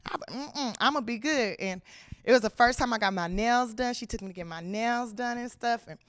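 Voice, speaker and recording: Woman comic from LA telling a story, slangy and animated, kinda high voice, dry close sound. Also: brisk, clean tone, no room sound. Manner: animated, slangy, acts out the people in her stories. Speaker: comedian.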